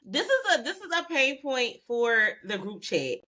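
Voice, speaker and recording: A woman co-hosting a podcast, joking playfully and firing off quick quips in casual chat. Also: a little high, very animated, pushed and bright. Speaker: podcast co-host. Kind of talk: casual pop-culture chat.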